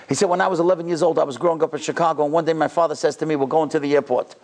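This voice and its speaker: Gravelly-voiced man telling a story. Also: racing, hardly any pauses. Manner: animated storyteller, voice climbing high in retold dialogue. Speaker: guest speaker at a yeshiva. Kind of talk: storytelling speech.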